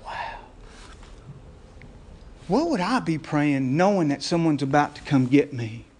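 Male pastor with a high voice, preaching a sermon, lively storyteller, laughs often, asks the congregation questions. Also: unhurried, slightly rough.

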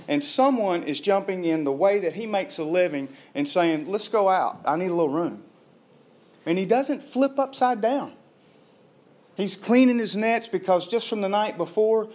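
Casting note: male pastor with a slightly high voice, preaching a storytelling sermon and playing the people in it.

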